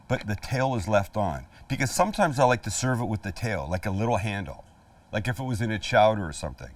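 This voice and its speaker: At a flat-top grill in an outdoor kitchen, a middle-aged man hosts a casual cooking demonstration, chatty and joking as he walks the viewer through each step. His voice is on the low side, with a little hiss or hum, and sits a bit far from the mic. Food sizzles faintly on the grill in the background.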